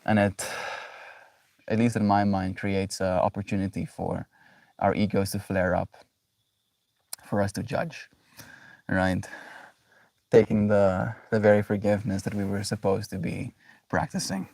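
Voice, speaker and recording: A man's voice: on the low side, steady tone, a little slow, creaky, pauses often, darkish tone, dry recording, recorded from a distance. A man on a casual livestream, musing about spirituality in a reflective, affectionate way, often checking in with "right?". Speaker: daily livestreamer.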